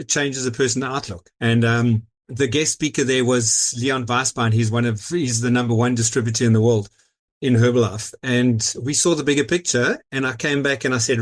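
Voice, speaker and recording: South African man telling his story easily. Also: mid-range voice. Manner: easygoing storytelling with frequent "you know" and soft laughs. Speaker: guest. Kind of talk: casual interview over a call.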